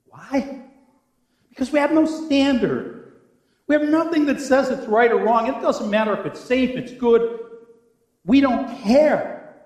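A man preaching a sermon as pastor, with a dramatic delivery that swings from hushed to loud. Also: extremely high pitch, animated, measured pace. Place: church. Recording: echoey church room.

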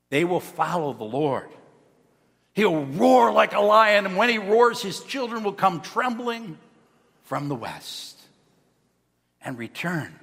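A man preaches a sermon to a congregation, his fairly high voice rising into loud emphasis and then dropping to a near hush. The sound carries the long reverb of a church sanctuary. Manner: dynamic preaching, swinging from loud emphasis to soft, hushed lines. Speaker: pastor.

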